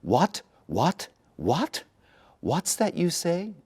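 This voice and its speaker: A man's voice: fairly high pitch, huge pitch swings, very slow, darkish tone, slightly rough, voice pushed up, exaggerated voice. A man voicing a fussy, drowsy old temple priest in a storybook reading. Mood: startled. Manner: doubting, scolding.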